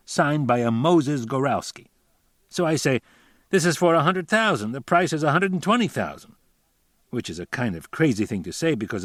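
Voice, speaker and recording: A man's voice: a little high, no echo, clean studio sound, voice pushed up. A man voicing a chatty small-town realtor who tells a story in folksy, ungrammatical talk. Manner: folksy rambling storyteller, colloquial grammar. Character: chatty middle-aged male small-town realtor, boastful.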